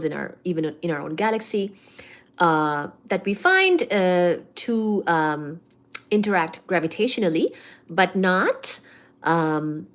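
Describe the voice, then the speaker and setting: A woman hosting a casual live study stream from home, chatty and full of fillers, cooing baby talk to her cat between topics. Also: fairly low pitch. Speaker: livestream host. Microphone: computer mic during a livestream.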